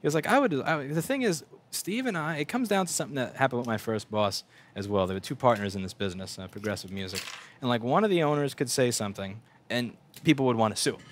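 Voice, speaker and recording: A man's voice: medium pitch, lively intonation, fast talker. A man hosting a casual livestream from his repair bench, talking bluntly with lots of swearing, fillers and restarts. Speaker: livestream host and repair technician. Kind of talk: rambling casual livestream talk. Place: repair shop workbench.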